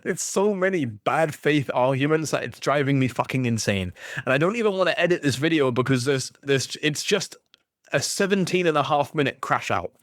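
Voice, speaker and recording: A man's voice: on the high side, animated, normal speed, dry recording, clean studio sound. A man ranting about a video game series he loves, swearing constantly in an exasperated, passionate way. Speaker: gaming YouTuber.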